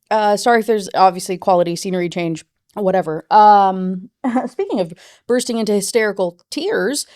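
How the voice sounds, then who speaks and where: Woman reviewer for a casual rant review, mid-pitched, dry close recording, loose and chatty. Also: a little mellow, dry recording. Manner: chatty, with many "like" and "you know" fillers. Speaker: book reviewer.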